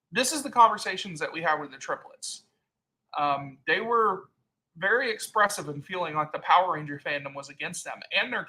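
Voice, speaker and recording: Bright-voiced man telling a heated story. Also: on the high side, low-quality recording. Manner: heated storytelling, acting out quoted people. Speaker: channel host. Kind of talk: casual live-stream chat.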